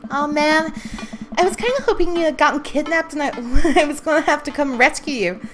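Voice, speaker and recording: A woman voicing a sarcastic teenage daughter in a put-on American accent, deadpan and teasing. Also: sits high, a little fast, faint music behind, pitched above the performer's own voice.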